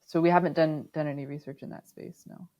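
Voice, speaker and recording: Speaking fast in a low, steady voice with a dark tone, this podcast guest, a sustainability manager, talks through her work thoughtfully in a conversational interview, often saying um and starting over.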